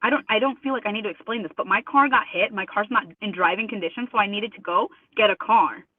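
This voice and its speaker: A woman guest on a remote call speaks fast in a mid-range voice, sounding emphatic and indignant. She quotes other people by mimicking their voices, and the tinny phone-line audio is dry.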